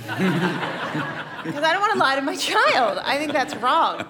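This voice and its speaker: A woman's voice: sits high, huge pitch swings, measured pace, background noise. A woman telling comic anecdotes as a talk show guest, chatty, giggly and self-mocking. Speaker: guest storyteller.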